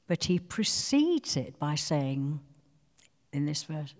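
A woman giving a devotional sermon, speaking earnestly and pleading softly as she dwells on scripture. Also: deep voice, very animated, measured pace, in a large hall. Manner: earnest, pleading, soft when quoting scripture. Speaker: preacher.

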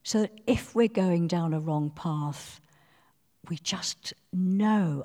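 Slow earnest woman preaching in a reverberant hall. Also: deep voice, fairly even intonation. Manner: earnest, pleading, soft when quoting scripture. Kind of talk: devotional sermon.

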